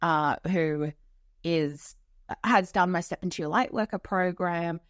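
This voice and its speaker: A woman's voice: fairly low pitch, measured pace, dry recording, studio quality. A woman hosting a podcast as a spiritual coach, talking frankly in a casual monologue with a lot of swearing and filler words. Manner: frank and profane, lots of "like" fillers. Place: home office.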